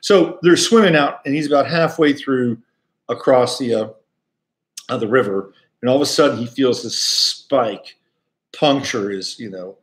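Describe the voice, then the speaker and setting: A man's voice: medium pitch, unhurried. A man hosting a casual astrology talk, speaking in a rambling, conversational way full of fillers. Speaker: astrologer host.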